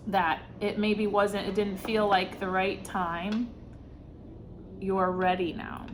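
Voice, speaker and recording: Slow, earnest woman reading tarot. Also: medium pitch, flat delivery, slight background noise. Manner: earnest, searching for words, many fillers. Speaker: tarot reader. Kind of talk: intuitive tarot reading monologue.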